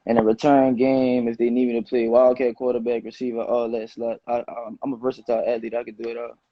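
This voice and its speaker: A young man in his late teens, a high school football player, answering interview questions in a relaxed, slangy way. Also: quick pace, no room sound. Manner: relaxed, loose slangy phrasing with many "you know"s. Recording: dull, muffled dry sound.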